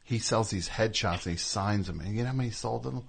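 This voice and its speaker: A man's voice: on the low side, quick pace, creaky, husky. A man hosting a comedic call-in radio show, joking, teasing and telling stories. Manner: joking, teasing, tells stories with put-on voices.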